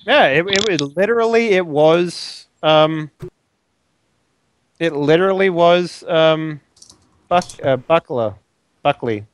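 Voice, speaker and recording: A man's voice: on the high side, lively intonation, slow, pauses often, clean tone, no echo. Player man in a tabletop game over voice call, rambling, dry close sound. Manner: rambling, hesitant, lots of fillers. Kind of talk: casual tabletop game chat.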